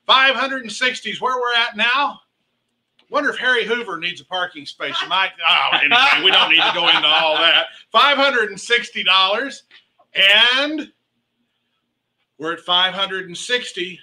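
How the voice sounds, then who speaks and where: An excitable man calls a charity auction, rattling off rising bids and cheering on the bidders. His voice sits high for a man and rings bright and sharp. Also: normal speed, rough recording. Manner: calls rising bid amounts.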